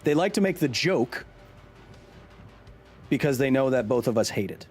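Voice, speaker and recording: A man's voice: medium pitch, lively intonation, moderate pace, a little mellow, soft background music. A man in his thirties hosting a casual live stream, joking while reading chat aloud. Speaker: streamer and host.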